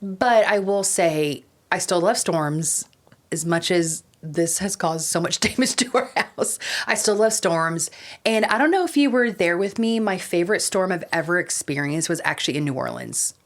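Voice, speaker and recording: A Southern American woman with a notably deep voice chats on a casual podcast. She rambles in a friendly way, peppering her talk with "like" and ready laughter. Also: expressive. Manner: chatty, lots of "like" and quick laughs. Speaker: podcast co-host. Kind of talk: casual chat.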